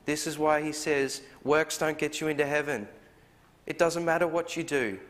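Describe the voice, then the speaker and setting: A man's voice: a little high, steady tone, moderate pace, fairly bright tone. A man preaching a sermon, earnest, asking the listeners one question after another and acting out the voices he quotes. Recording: long hall reverb.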